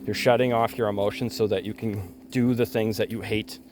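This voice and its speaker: Low flat-voiced man, halting talk. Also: soft background music. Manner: halting, many "you know" fillers, trails off. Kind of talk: casual reflective talk.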